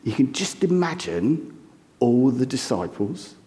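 A man delivers a chatty sermon to a congregation. His pitch swings widely as he acts out the voices in the story. His voice carries a long hall reverb. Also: a little slow. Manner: animated storytelling, acts out the crowd's reactions. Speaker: preacher. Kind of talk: conversational sermon.

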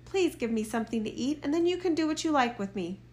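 A woman's voice: high-pitched, animated, fast talker, a little mellow, pitched above the performer's own voice. A woman voicing a bold, cheerful, hungry soldier in a fairy tale reading, speaking heartily. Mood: hearty. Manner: hearty and confident.

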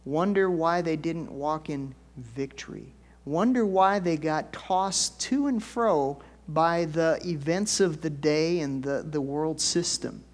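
A middle-aged man preaching a conversational sermon as pastor, folksy and chatty, jumping up into excited bursts and dropping into soft asides. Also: on the high side, slow.

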